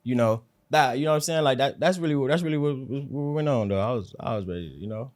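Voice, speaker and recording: A laid-back man in casual interview chat, speaking low and calm, sometimes close to a whisper. His talk is loose and unhurried, full of slang and easy fillers. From South Central Los Angeles. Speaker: rapper, interview guest.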